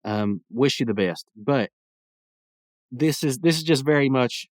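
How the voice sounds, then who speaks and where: A man's voice: medium pitch, unhurried, no room sound, studio quality. A young man hosting a podcast, casually recapping a cartoon episode in a rambling way and chuckling as he acts out lines. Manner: rambling, laughs while retelling scenes, acts out lines. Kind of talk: casual solo commentary.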